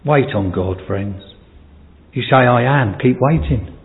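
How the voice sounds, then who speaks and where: A man preaching a sermon, rising to high emphatic peaks and dropping soft, halting with restarts and pauses. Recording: tinny lo-fi sermon recording in a hall.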